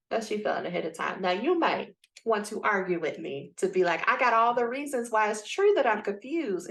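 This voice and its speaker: A woman's voice: mid-range voice, vocal fry. A woman leading a live coaching session for doctoral students. She speaks bluntly and with energy, addressing the group directly over a video call. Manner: lively, blunt, talks straight to the group. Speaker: dissertation coach.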